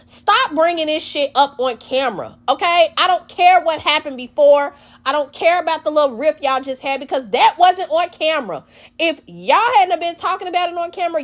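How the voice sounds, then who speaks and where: A woman recapping a reality show in blunt, profane, animated casual talk. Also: high-pitched.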